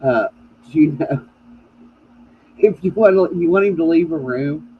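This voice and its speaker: A woman's voice: low voice, unhurried. A middle-aged woman telling family stories with laughs in a casual chat. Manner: storytelling, laughing at family anecdotes. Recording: dull lo-fi sound with faint noise.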